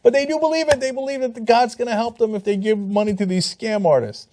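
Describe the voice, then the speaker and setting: A man's voice: extremely high pitch, fast talker, warm tone. A man giving sarcastic commentary on video clips, incredulous and mocking, with laughing asides.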